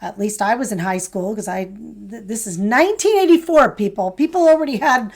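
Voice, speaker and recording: A woman in her fifties from California, co-hosting a podcast and speaking in a frank, animated way with light swearing. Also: mid-range voice, brisk. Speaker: podcast co-host. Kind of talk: casual chat.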